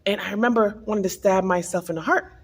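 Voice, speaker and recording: A woman speaks to her followers in a personal vlog, recounting a spiritual testimony with earnest feeling. Her voice is husky and a bit breathy, with a gravelly fry underneath. She sits at a middle pitch for a woman. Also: fast, long reverb tail. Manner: earnest, emotional storytelling. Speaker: vlogger.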